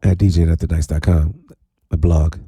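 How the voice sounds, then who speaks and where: Male DJ host, animated and playful, warm low timbre, stretches words into high calls. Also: slightly rough, no echo, studio quality. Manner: animated, playful, swoops into high drawn-out shouts. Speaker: radio DJ host. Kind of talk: casual radio talk show. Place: radio studio.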